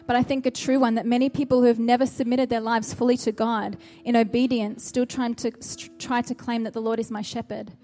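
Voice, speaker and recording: A woman's voice: a little high, dark tone. A woman preaching a sermon, earnest and exhorting, with a run of searching rhetorical questions.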